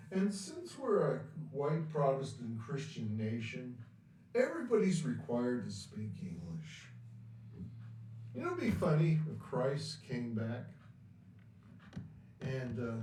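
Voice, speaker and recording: A man hosting a sarcastic, mocking rant monologue. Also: mid-range voice. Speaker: host. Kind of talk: ranting monologue. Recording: echoey room, distant mic.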